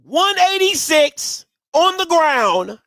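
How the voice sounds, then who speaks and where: Excitable high-voiced man hosting sports talk. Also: slow, no echo. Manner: excitable, repeats and restarts, shouts. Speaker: postgame show host. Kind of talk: animated sports call-in talk.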